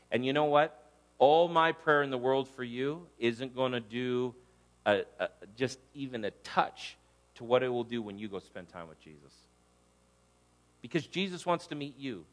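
A middle-aged pastor preaching in a loose, conversational way. His voice sits at an ordinary middle pitch for a man, and he jumps higher and louder when he acts out what people say. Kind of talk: sermon.

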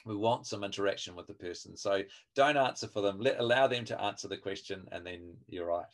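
A man's voice: lowish voice, fairly quick. A man training a group over a video call, talking in a friendly, chatty way with many fillers and restarts. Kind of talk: online webinar teaching. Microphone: video call microphone.

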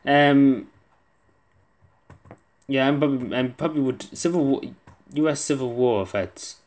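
A man's voice: medium pitch, a little fast, a little mellow. A young man giving casual gameplay commentary, muttering to himself and swearing under his breath as he plays. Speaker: gaming video creator.

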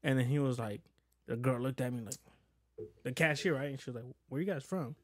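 A man's voice: medium pitch, fairly even intonation, a little fast, a little hiss or hum. A man from California co-hosting a podcast, talking casually and telling stories with lots of restarts. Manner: loose storytelling with many restarts. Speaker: podcast co-host. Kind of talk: casual chat.

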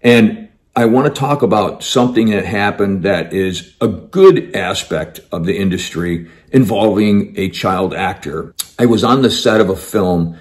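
Man, lowish voice, storytelling, emphatic, conversational. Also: measured pace, darkish tone. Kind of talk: personal storytelling.

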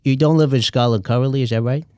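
A man co-hosting a comedy podcast, asking questions in a deadpan, absurd, drawn-out way. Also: mid-range voice, no echo. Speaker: podcast co-host. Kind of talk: comedic interview chat.

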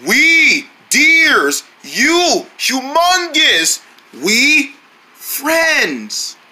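A performer voicing a group of excitable young deer friends in a homemade cartoon, switching between several playful voices. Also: high voice, very slow, heavily acted. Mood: curious.

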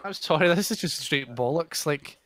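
A man's voice: on the high side, lively intonation, moderate pace, fairly bright tone. A Scottish man co-hosting a gaming podcast, blunt and dismissive. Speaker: podcast co-host. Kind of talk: casual gaming chat.

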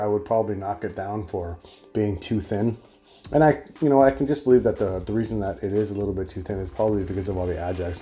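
Low, mellow man reviewing beer. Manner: rambling, chatty, with restarts. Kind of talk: casual solo beer review.

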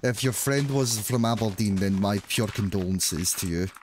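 A man's voice: on the low side, normal speed, darkish tone, a little hiss or hum. Joking Glaswegian man streaming a game. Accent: Glaswegian Scottish. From Scotland. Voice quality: joking, rambling, frequent laughs and restarts. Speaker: livestreamer. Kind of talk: casual chat while gaming.

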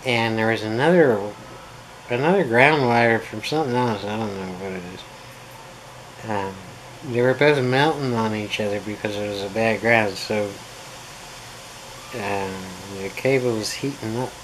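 A man with a fairly low voice rambles through a casual vlog, wandering off topic with wry, self-mocking asides. A loud air-conditioner hum sits under his voice. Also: unhurried, low-quality recording. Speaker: pool instructor.

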